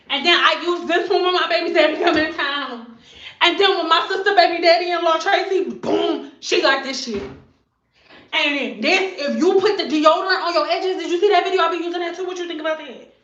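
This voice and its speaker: Woman in her thirties, high voice, blunt and sassy vlogger; echoey bathroom, slightly dull recording. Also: fairly quick, fairly bright tone. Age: 30s. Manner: sassy, blunt, acts out client exchanges. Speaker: hairstylist vlogger. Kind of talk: casual vlog rant. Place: bathroom at home.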